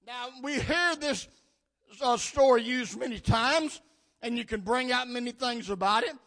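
Preacher guy, high bright voice, slow drawn-out delivery, shouts amen then goes soft. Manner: preaching with rising bursts and calls of amen. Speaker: pastor. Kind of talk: sermon.

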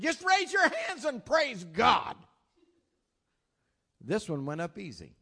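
Older male preacher, high voice, folksy storyteller who swings loud to soft. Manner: folksy storytelling with plain southern-style grammar; swings from loud exclamations to low asides. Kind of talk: sermon.

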